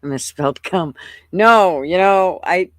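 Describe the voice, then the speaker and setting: A woman's voice: on the low side, a little slow, a bit bright, no echo. Chatty older woman, dry close sound. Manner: chatty, swears freely, greets viewers by name. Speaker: livestream host. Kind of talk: casual livestream chat.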